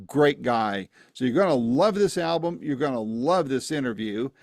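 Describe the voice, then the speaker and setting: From a home setup in East Tennessee, a podcast host with a medium-pitched, darkish voice, lively intonation and moderate pace gives a friendly, folksy intro, slips in promo asides, then interviews a guest. The studio-quality audio has no room sound.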